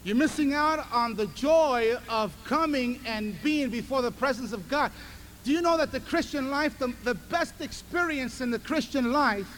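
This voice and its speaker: A man with a strikingly high voice delivers an impassioned sermon as pastor. He sinks to near-whispers, then builds to shouted peaks. A faint hum sits under him. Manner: impassioned preaching, swinging between hushed and shouted.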